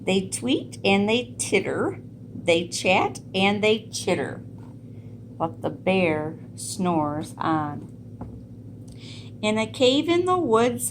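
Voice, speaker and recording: A woman reading a picture book aloud to children, pausing to ask gentle questions about the pictures. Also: on the low side, a little hiss or hum. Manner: gentle, asks listeners questions. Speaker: storyteller.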